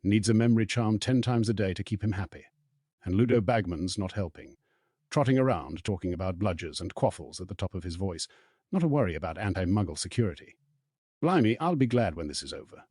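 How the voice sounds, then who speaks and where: A man's voice: low-pitched, expressive, a little fast, mellow, breathy edge, dry recording, studio quality. A man doing a weary, grumbling wizard official. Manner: tired, muttered complaining. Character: exhausted, grumbling male ministry wizard.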